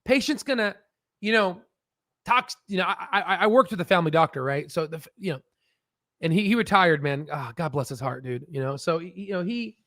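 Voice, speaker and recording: A man's voice: high-pitched, brisk, a bit bright, no room sound, studio quality. A man hosting a stock research channel, explaining in a rambling, profane, casual way and laughing at his own jokes, talking from a standing desk.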